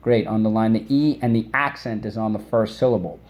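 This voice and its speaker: A man's voice: fairly low pitch, fairly quick, darkish tone. Patient male teacher drilling phonics words. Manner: patient, encouraging, repeats words for the class to echo. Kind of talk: phonics lesson with call-and-response drills.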